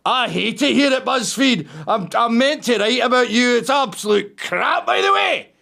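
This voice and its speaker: A man's voice: very high-pitched, animated, normal speed, gravelly, bright, forceful tone, voice pushed up, full character voice. A man voicing a fussy, gossipy young male reporter with a lilting voice. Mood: confiding.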